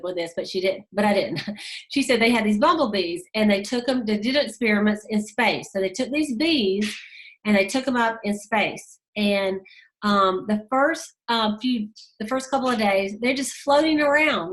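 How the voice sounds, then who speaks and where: A woman with a drawl talks casually to her team, encouraging them through stories. She fills pauses with "um" and "you know" and repeats key lines for emphasis, at an ordinary middle pitch. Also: a bit bright. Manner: storytelling, many fillers, emphatic repetitions. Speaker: sales team leader giving a motivational talk. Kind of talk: casual motivational talk.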